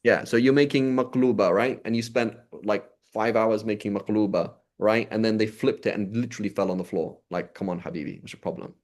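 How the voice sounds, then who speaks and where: A man with a fairly low voice teaches an informal religious class. He speaks conversationally, repeating his points and checking in with his listeners after nearly every sentence. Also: fairly even intonation, a little fast, few pauses, darkish tone. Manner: conversational, repetitive, asks "right?" often. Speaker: Islamic teacher.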